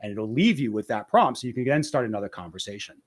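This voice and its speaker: Man, guest, casual interview, middle pitch, rambling explanations, restarts, "right?" tags. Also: expressive, fast talker.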